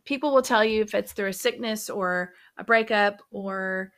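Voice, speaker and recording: A woman's voice: mid-range voice, moderate pace, a bit bright, clear, resonant tone. A middle-aged mother talking casually about faith and love as a podcast guest, earnest and affirming. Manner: earnest, affirming with frequent mm-hmms.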